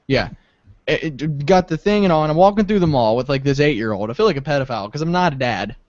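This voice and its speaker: Fast-talking and expressive with a darkish tone, this young podcast co-host tells stories animatedly and laughs a lot. It's casual chat on a dry, dull, low-fi recording.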